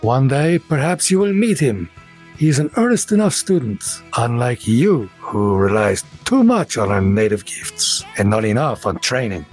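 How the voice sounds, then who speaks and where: A man voicing a calm, measured older fencing master lecturing his pupil in a tabletop game. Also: medium pitch, faint music behind, natural voice.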